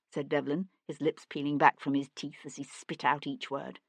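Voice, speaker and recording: A woman narrating an audiobook in a measured, dramatic reading. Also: low voice, little pitch movement, dry recording. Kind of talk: scripted narration.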